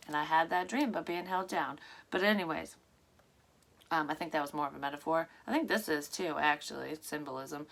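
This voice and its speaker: A middle-aged woman, a psychic medium, telling a dream in a rambling, profane, animated way from her room. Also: fairly low pitch, moderate pace. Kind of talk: casual storytelling of a dream. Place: her room at a tarot table.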